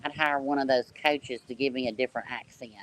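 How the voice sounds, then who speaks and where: A woman's voice: extremely low pitch, steady tone, brisk, fairly bright tone, rough recording. A woman in her fifties from Tennessee with a Southern accent, chatting folksily on an online panel and calling everyone girl and honey. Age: 50s. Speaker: panel guest. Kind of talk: casual online panel chat.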